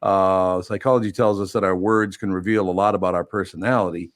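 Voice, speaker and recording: Older man, low voice, dry studio sound, rambling and wry, casual talk-show chat. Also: fairly even intonation, brisk, no echo. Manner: rambling, wry, self-mocking. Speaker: radio show host.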